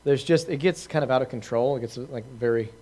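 A man's voice: mid-range voice, fairly quick, mellow. A man giving an informal talk to a group, telling a story in a conversational way with many fillers, restarts and laughs at himself. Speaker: preacher answering questions.

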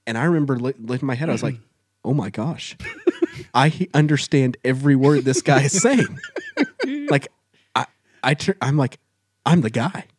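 Lively man telling a funny story. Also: mid-range voice, moderate pace, pauses often, breathy edge. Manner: animated, self-mocking storytelling. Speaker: guest storyteller. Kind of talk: casual chat.

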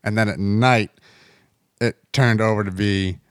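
A deep-voiced man from the United States rambles through a casual chat, full of fillers and asides. The recording is dry and close, with no room sound. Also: steady tone, unhurried, clear, resonant tone, dry recording. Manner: rambling, heavy on fillers like "you know what I mean".

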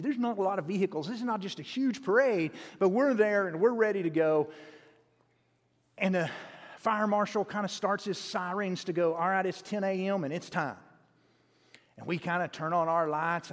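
A man preaching a sermon, telling a story in a folksy, animated way with frequent restarts, in a church sanctuary. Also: high voice. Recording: long hall reverb.

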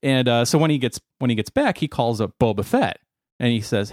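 A man's voice: medium pitch, sing-song, fairly quick, a little mellow, no echo. Man, casual storytelling, rambling, chuckles, dry room. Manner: rambling, chuckling, profane asides.

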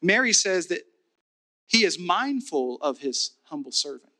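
A man preaching a sermon as pastor, building to fervent repeated declarations and then dropping to a soft, intimate tone. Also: high-pitched, big pitch swings, unhurried.

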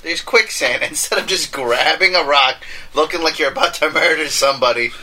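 A young man co-hosting a casual podcast chat, animated and laughing, jumping up in pitch to make a point. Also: fairly quick. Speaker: podcast co-host.

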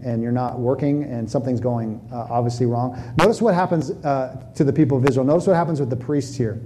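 Animated preaching man, slightly higher voice. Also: a little hiss or hum, low-quality recording. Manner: conversational and animated, with repeated restarts. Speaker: pastor. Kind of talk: sermon.

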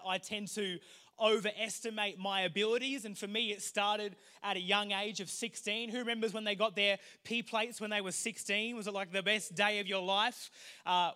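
A young Australian pastor with a markedly high, bright voice, preaching with humor and stories. He rises to forceful, shouted declarations. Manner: humorous storytelling, building to shouted proclamation. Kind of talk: sermon.

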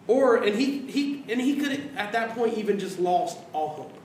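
A man preaching a sermon as pastor, animated, acting out quoted voices and dropping to hushed tones. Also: high voice, moderate pace, a little hiss or hum. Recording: roomy sound from a distance.

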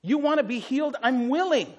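A man's voice: very high voice, animated, a little fast, pitched above the performer's own voice. A man voicing an eager, generous healer who insists emphatically that he is willing.

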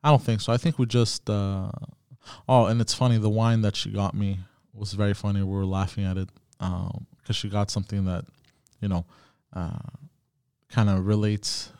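A man's voice: lowish voice, flat delivery, moderate pace, darkish tone, clear, resonant tone, no echo, studio quality. A man hosting a podcast, telling a story in a casual, profane way with many fillers and restarts. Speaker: podcast host.

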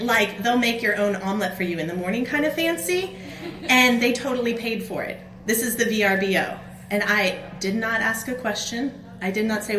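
Woman speaker, middle-aged, bright forceful tone, fairly high voice, echoey room, faint background hum. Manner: animated storytelling, acts out her own outbursts. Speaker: conference speaker. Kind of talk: personal story in a faith talk. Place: conference hall.

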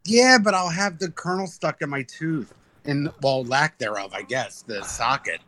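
Male podcast co-host, bright, forceful voice, animated and profane storyteller. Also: on the high side, normal speed. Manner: animated storyteller, swears freely. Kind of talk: casual podcast chat.

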